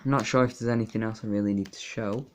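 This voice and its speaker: A young man casually talking through a card game deck, rambling and halting with fillers and restarts. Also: on the low side, fairly even intonation, a little hiss or hum. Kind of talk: casual deck profile talk.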